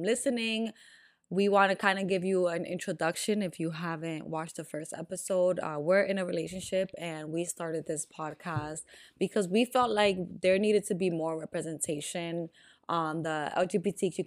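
A woman's voice: on the low side, dry recording, studio quality. A young Puerto Rican woman, co-hosting a casual podcast chat with lots of ums. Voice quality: raspy. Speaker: podcast co-host.

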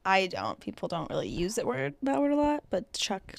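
A woman's voice: medium pitch, wildly swooping pitch, normal speed, gravelly, dry recording. A young American woman co-hosting a casual news podcast, chatty and full of "like". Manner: chatty, lots of "like". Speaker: podcast co-host.

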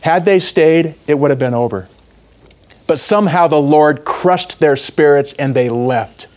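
A young man giving a religious talk, telling a history story with lively asides. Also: fairly high pitch, a little slow.

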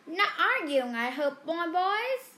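A woman voicing a tiny, cheerful old male professor with a squeaky voice in a storybook reading. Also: sing-song, takes it slowly, sharp tone, full character voice. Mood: cheery.

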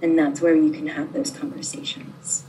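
Woman, gentle coaching voice, lowish pitch, set back from the mic, faint hiss. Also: level tone, normal speed, recorded from a distance, low-quality recording. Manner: gentle, soothing, acts out sample dialogues. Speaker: guest life coach. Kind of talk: relaxed conversational interview.

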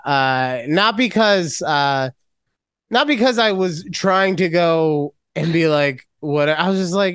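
A man co-hosting a casual podcast, telling a story in a profane and animated way. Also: on the high side, slow, smooth, no room sound, clean studio sound. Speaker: podcast co-host. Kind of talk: casual chat.

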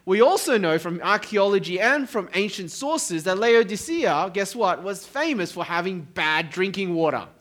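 A man's voice: high-pitched, expressive, moderate pace, hardly any pauses, a bit bright. A middle-aged man preaching a sermon to a church congregation, with a conversational tone and joking asides. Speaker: pastor. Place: church hall.

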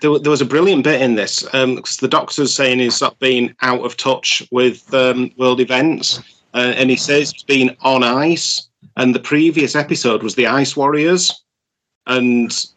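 A man's voice: mid-range voice, fairly even intonation, a little slow, a bit bright, low-quality recording. A man co-hosting a podcast, giving enthusiastic, opinionated takes and often stumbling over his words. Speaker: podcast co-host. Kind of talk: casual podcast chat.

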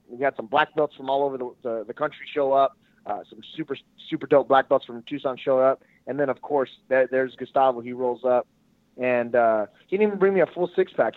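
A man's voice: mid-range voice, no room sound. A man telling a story as a guest over the phone, laughing and swearing as he talks. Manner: laughing, profane, animated retelling. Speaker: guest, jiu-jitsu gym owner. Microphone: phone call. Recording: tinny phone line.

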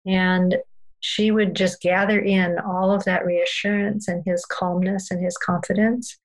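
Low, gravelly woman telling calm stories. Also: measured pace, poor audio. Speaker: parenting guest expert. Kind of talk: storytelling in a podcast conversation.

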